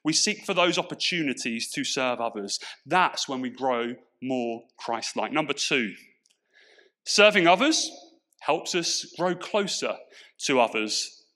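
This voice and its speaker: A man's voice: medium pitch, lively intonation, unhurried, sharp tone. A man from Portsmouth with an English accent, preaching a sermon with emphatic rhetorical questions. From Portsmouth, England. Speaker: pastor.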